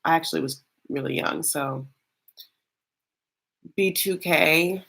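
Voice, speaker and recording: A woman's voice: low-pitched, slow pace, creaky, fairly bright tone. A woman hosting a casual reality-show recap, chatty and loose, full of fillers and calling the audience honey.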